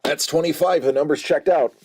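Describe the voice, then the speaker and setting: A man hosting a card-break stream, chatting casually and rambling with jokes and filler pauses. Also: on the high side, a little mellow. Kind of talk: casual livestream chat.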